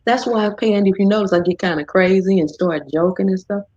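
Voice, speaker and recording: Woman host, husky and low, chatty live-stream talker, dull dry audio. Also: a little fast, no echo. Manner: chatty, animated when quoting others. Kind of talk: casual chat.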